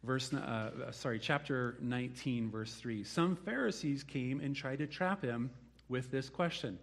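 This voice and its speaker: A man's voice: mid-range voice, a little slow, gravelly. A man preaching a sermon, telling the story with animation and acting out the people he quotes. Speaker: pastor.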